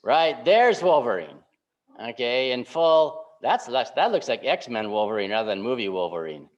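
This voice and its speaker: Man, pastor, conversational sermon, tag questions, mid-pitched, muffled recording. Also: big pitch swings, moderate pace. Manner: chatty, keeps asking "right?" to the congregation. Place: church sanctuary. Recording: slightly muffled church recording.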